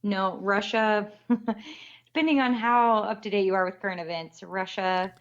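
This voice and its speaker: A woman's voice: medium pitch, unhurried. Matter-of-fact woman on dull audio. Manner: matter-of-fact, corrects the host plainly. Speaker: missionary guest. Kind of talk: casual interview.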